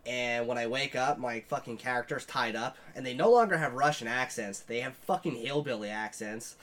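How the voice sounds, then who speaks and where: A man's voice: mid-range voice, normal speed, fairly bright tone. A man co-hosting a podcast, telling rambling, profane stories in casual chat. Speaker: podcast co-host.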